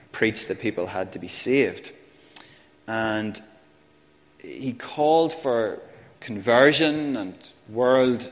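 A man's voice: on the low side, in a large hall. A man preaching a sermon, talking plainly and calling his listeners folks. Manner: conversational, addresses congregation as folks. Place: church.

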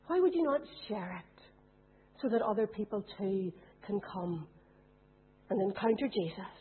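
A woman with a mid-range, animated voice preaches a little slowly, asking her congregation rhetorical questions. There's slight background noise, and the recording has a thin, phone-like quality.

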